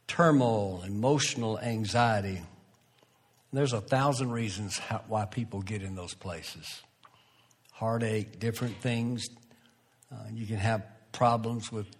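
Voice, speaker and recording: A man preaching a sermon in a slow, earnest way, rising in pitch and force at emphatic moments, often restarting his phrases. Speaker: pastor.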